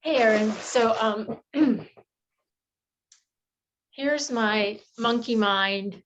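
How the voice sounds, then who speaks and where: A woman's voice: on the high side, extremely slow, lo-fi sound, slight background noise. A woman participant sharing hesitantly in a group workshop, with light laughter.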